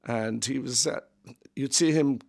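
A man's voice: mid-range voice, unhurried, vocal fry, a little mellow. A man with an Irish accent chatting on radio as a regular, telling anecdotes and chuckling as he talks. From Ireland. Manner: anecdotal, jokey, chuckles while talking. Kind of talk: casual radio chat.

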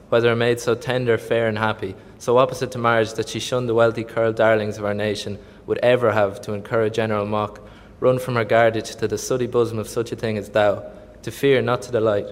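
A man's voice: on the low side, level tone, fairly quick, natural voice. A man playing Brabantio, a furious old senator. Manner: loud, bullying, accusing. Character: enraged old Venetian senator, outraged father. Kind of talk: Shakespearean stage acting. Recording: long hall reverb, voice from afar.

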